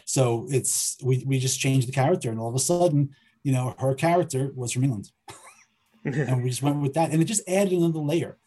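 Middle-aged filmmaker, male, mellow husky voice, thinks aloud with repeats. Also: medium pitch, moderate pace. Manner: hesitant, repeats words while thinking aloud. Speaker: filmmaker and writer guest. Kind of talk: conversational interview.

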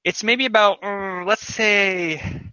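A man's voice: sits high, steady tone, slow pace, pushed and bright, clear, resonant tone, dry recording. A man narrating as game master of a tabletop game, rambling with many fillers and restarts. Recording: dull lo-fi audio.

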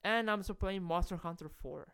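A man's voice: sits high, vocal fry, clear, resonant tone. A man co-hosting a gaming podcast, chatting casually and often repeating himself as he goes. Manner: halting, repeats words, relaxed. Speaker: podcast co-host.

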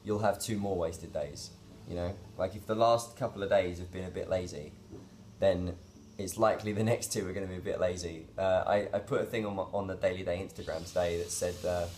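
A man's voice: deep voice, brisk, a little mellow, soft background music. A man talking in a casual daily vlog, rambling and reflective, with many fillers and restarts. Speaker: vlogger.

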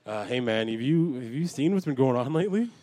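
A man's voice: mid-range voice, animated, a little fast, warm tone, no echo, close to an everyday voice. A man playing a blunt, gossipy castle guard in an improvised comedy bit, full of slang and swearing. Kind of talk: improvised comedy role-play.

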